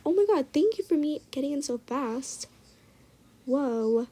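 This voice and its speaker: A young woman giving casual, excitable commentary while trading in a game, often dropping into muttered asides. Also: high voice, a little slow, low-quality recording. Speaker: gaming vlogger.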